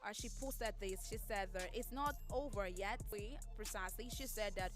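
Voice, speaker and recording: A woman's voice: mid-range voice, moderate pace, few pauses, a bit bright, faint music behind. A woman hosting a radio show, chatting casually through entertainment news and reacting openly to each story. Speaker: radio host. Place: radio studio.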